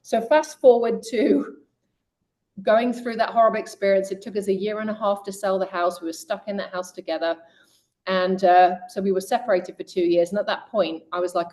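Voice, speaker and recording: A middle-aged woman in an interview, telling her own story and speaking straight to women listeners. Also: brisk. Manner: lively storyteller who voices quoted people with raised pitch; direct, addresses women listeners. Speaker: guest coach.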